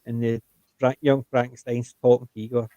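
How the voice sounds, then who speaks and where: An older Scottish man hosting a casual chat, his voice mellow and relaxed. He tells stories in an animated way and acts out the quotes. The sound is close and dry, with no room around it. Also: mid-range voice, a little fast, no echo, muffled recording. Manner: chatty, animated storytelling with acted-out quotes. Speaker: host.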